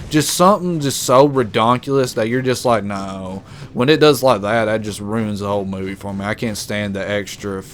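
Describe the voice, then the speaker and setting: A man's voice: on the low side, a bit bright, slight background noise. A man giving casual live commentary while playing a video game, rambling emotionally and repeating himself. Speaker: gameplay commentator.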